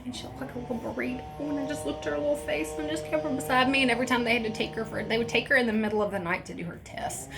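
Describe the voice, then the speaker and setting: A woman's voice: a little high, vocal fry. Young woman telling a story casually. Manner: animated, profane, laughing asides. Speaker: vlogger.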